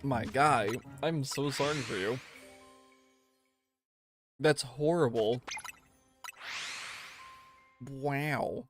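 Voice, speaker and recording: A man's voice: medium pitch, takes it slowly, hardly any pauses, over music. Rambling young man streaming a game. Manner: rambling, animated storytelling with slang. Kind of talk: casual livestream chat.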